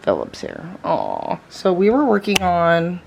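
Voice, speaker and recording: A woman's voice: on the low side, huge pitch swings, slow pace, gravelly, darkish tone, a little hiss or hum. A woman vlogging casually at home, reacting bluntly and swearing freely as she talks to her viewers. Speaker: lifestyle vlogger.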